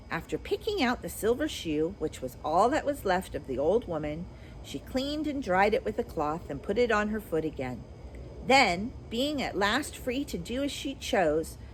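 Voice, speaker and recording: A woman teacher reading a children's storybook aloud with expressive, animated storytelling. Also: medium pitch, slight background noise, poor audio.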